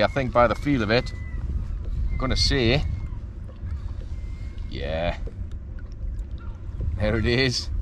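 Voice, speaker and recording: A man, chatting excitedly to the camera from his kayak while fishing at sea, often laughing. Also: medium pitch, slight background noise. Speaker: kayak angler filming his fishing trip. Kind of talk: casual vlog commentary. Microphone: action camera mic.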